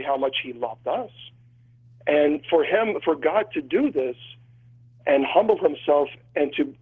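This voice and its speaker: Husky priest on a tinny phone line. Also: male voice, a little high. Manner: earnest and emotional, with frequent restarts. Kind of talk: telling a personal story in an interview. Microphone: phone call.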